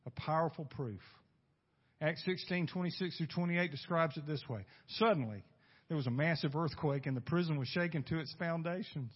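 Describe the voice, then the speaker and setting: A male pastor preaching a sermon, swinging from loud bursts to hushed asides and asking the congregation rhetorical questions. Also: a little high, breathy edge. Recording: dull lo-fi recording.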